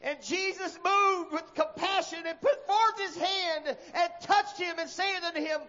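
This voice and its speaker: Man, preacher, dramatic storytelling sermon, very high voice, long hall reverb. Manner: dramatic, acts out shouted lines. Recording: dull echoey hall recording.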